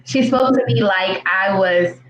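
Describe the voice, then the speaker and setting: A woman in her thirties tells her story as an interview guest, earnest and heartfelt. She often pauses on fillers and restarts her sentences. The sound is roomy and a little dull, like a live-stream call. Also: medium pitch, a little hiss or hum. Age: 30s. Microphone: video call.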